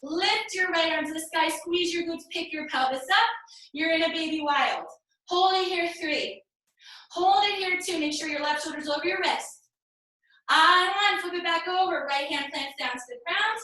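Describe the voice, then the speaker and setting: Her voice is very high and sharp-toned at a normal speed as she teaches live yoga, cueing poses brightly, sometimes half-singing and chuckling at herself while slightly winded. The laptop mic over a hotspot sits far away, giving heavy reverb and low quality.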